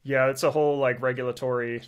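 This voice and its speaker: A male podcast co-host explaining things in casual chat. He keeps a relaxed, easygoing manner and uses plenty of fillers. His voice sits at a middling pitch. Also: fast talker, clean tone.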